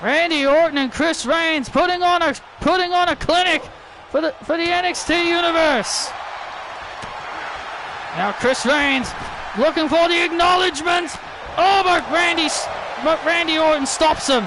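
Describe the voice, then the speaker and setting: A man doing excited play-by-play wrestling commentary over a video game, often shouting and repeating himself. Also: extremely high pitch, measured pace, over a noisy crowd, very noisy.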